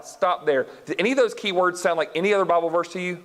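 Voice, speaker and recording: A man teaching a live Bible lesson in an animated way, quizzing his audience and reading scripture aloud. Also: sits high, quick pace, few pauses. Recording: long hall reverb.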